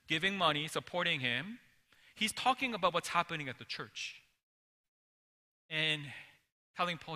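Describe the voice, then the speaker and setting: Male pastor, sermon; bright, fairly high voice, dramatic hush-to-loud delivery, long church reverb. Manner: dramatic, swings from loud emphasis to hushed near-whisper.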